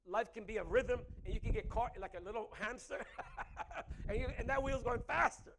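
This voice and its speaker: Animated preaching man, fairly high voice. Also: moderate pace, a little hiss or hum. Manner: animated, swings from loud emphatic peaks to quiet asides, laughs often. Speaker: pastor. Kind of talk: sermon.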